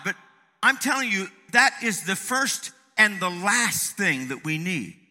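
Male preacher, fairly high and very bright voice, hesitant with lots of ums, church hall reverb. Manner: halting, with many fillers and restarts; soft and reflective at the start, rising to fervent preaching. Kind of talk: sermon. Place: church sanctuary.

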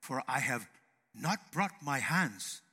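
Brief: a man playing a soft-spoken wise elder, slow and deep, heard in a reverberant hall. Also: lively intonation, husky, full character voice. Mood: solemn. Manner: slow, hushed, solemn. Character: calm wise older man, speaking softly.

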